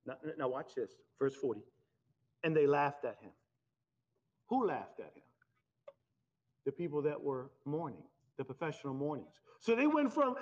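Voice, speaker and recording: A man preaching a sermon in an animated, conversational way. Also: a little high, normal speed, pauses often. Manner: animated, conversational preaching with laughs and acted-out quotes. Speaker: pastor. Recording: dull lo-fi sound.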